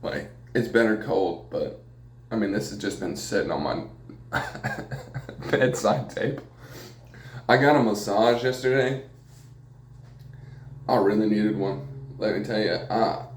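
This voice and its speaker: A man's voice: on the low side, unhurried, pauses often. A man hosting a solo podcast, rambling casually and profanely with plenty of jokes and laughs. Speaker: podcast host. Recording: echoey room.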